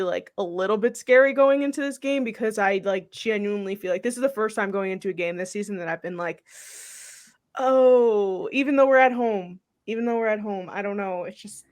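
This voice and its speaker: A woman's voice: medium pitch, fairly bright tone. Chatty woman podcast co-host. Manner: fills with "like", nervous-sounding. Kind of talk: casual podcast chat.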